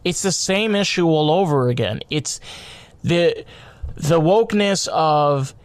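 A man with a somewhat high voice delivers a heated podcast monologue. He rambles, repeats himself and restarts his sentences, swearing freely as he pushes his point. The sound is close and dry, with no room echo. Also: a little slow. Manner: grows loud and high-pitched when worked up. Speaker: podcast host.

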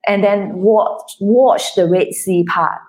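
A woman's voice: mid-range voice, fairly even intonation, takes it slowly, a little mellow. A woman guest author speaking earnestly and from the heart in an interview, with some restarts. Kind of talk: interview, personal testimony.

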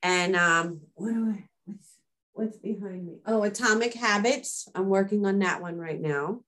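A woman in casual conversation, telling personal stories in a chatty, animated way. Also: medium pitch, a little slow. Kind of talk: casual chat.

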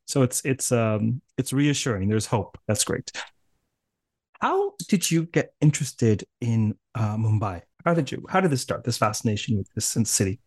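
A man's voice: mid-range voice, very animated, moderate pace, slightly rough, no room sound, clean studio sound. A man with a Canadian accent hosting a podcast interview, talking in a chatty, rambling, friendly way. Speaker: podcast host.

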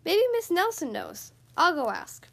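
Woman reading as a fussy, puzzled principal, low and slow, musing aloud. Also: big pitch swings, creaky, a bit bright, exaggerated voice.

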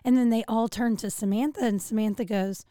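A woman hosting a podcast, chatting in a friendly, relaxed way with frequent "you know.". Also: fairly high pitch, brisk, no room sound, clean studio sound. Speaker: podcast host. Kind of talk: casual podcast chat.

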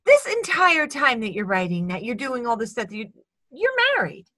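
A woman hosts a casual interview, with a high and bright voice. Her pitch swings widely as she asks curious questions and exclaims. She laughs easily in between. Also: big pitch swings, moderate pace. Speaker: interviewer host.

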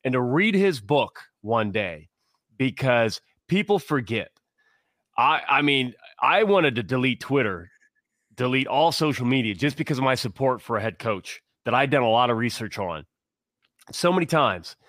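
A man's voice: mid-range voice, lively intonation, moderate pace, fairly bright tone, no room sound, clean studio sound. A man co-hosting a casual sports talk show, speaking with passion and rambling through many restarts. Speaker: podcast co-host.

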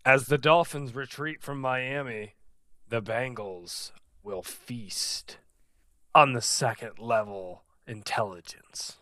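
A man co-hosting a sports podcast, reading punchy game previews and trading deadpan jokes. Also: mid-range voice, slow, no echo, studio quality. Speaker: podcast co-host. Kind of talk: casual sports podcast banter.

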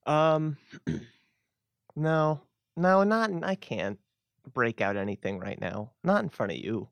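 Gravelly, lively man with short replies. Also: a little high, slow pace, no echo. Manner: brief, laughing replies. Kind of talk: casual chat.

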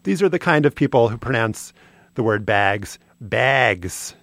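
Dry-humored man with a gravelly voice. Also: medium pitch, animated, normal speed, no echo. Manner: dry, wry storytelling. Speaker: podcast co-host. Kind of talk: casual chat, reading a prepared segment.

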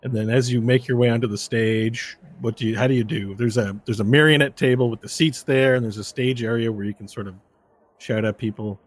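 A man's voice: medium pitch, a little fast. A man narrating a tabletop game as game master, describing scenes and asking a player what he does.

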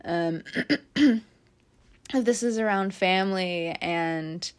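A young woman giving a casual, animated tarot reading, swearing freely and laughing often. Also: mid-range voice, drawn-out words, smooth. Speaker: tarot reader.

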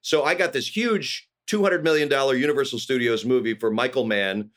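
A middle-aged man from California, a guest actor telling animated stories in casual conversation, often acting out quoted voices. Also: mid-range voice, a little fast. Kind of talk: casual storytelling.

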